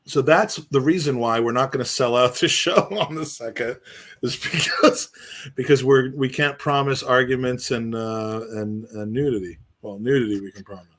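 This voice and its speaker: A man's voice: medium pitch, moderate pace, a bit bright. A middle-aged man co-hosting a podcast, chatting in a rambling, earnest way and restarting his sentences often. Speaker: podcast co-host. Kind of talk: casual chat.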